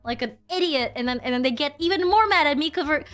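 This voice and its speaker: A young woman chats casually on her stream, her voice pitched a little high. She rambles, restarts her sentences and pokes fun at herself. Faint music plays softly underneath. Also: lively intonation, fast. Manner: rambling, many restarts and self-deprecating asides. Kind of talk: casual livestream chat.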